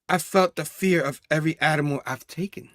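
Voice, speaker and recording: A man voicing a grim, menacing male hunter villain in a slow, hushed dramatic reading. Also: a little high, no room sound, clean studio sound, lightly acted. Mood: brooding.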